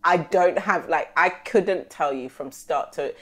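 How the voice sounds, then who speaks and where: A young woman, co-hosting a casual podcast chat, animated and slangy, acting out conversations. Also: lowish voice, a little slow. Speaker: podcast co-host.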